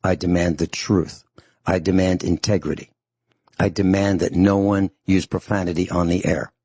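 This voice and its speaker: A deep, gravelly man delivers a stern radio talk show monologue. His voice is husky and close in a dry studio sound, and he hammers his points by repeating them. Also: fairly even intonation, moderate pace, dark tone.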